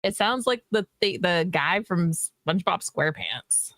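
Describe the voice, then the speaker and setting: A woman's voice: fairly low pitch, lively intonation, unhurried, a bit bright, no room sound, clean studio sound. A woman co-hosting a casual game stream, reading chat aloud with playful exasperation and laughter.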